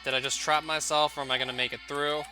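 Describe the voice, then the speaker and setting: A man's voice: on the high side, little pitch movement, quick pace, music in the background. A young man giving casual, wry gameplay commentary, often laughing and reading on-screen text aloud. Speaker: let's play commentator.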